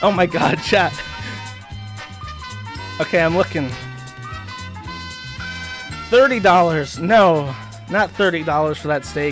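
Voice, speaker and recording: A man's voice: a little high, slow, long pauses, fairly bright tone, faint music behind. A man hosting a live stream, ranting in a profane, mocking way. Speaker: streamer host.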